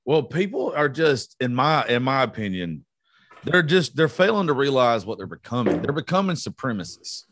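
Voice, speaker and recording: A man's voice: mid-range voice, big pitch swings, normal speed, fairly bright tone, dry recording. A man in his thirties talks in a loose podcast chat, blunt and full of swearing as he gets heated. His voice sits in a middling register. It is recorded dry and close, with no room sound. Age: 30s. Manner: blunt and profane, getting heated. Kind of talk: casual chat.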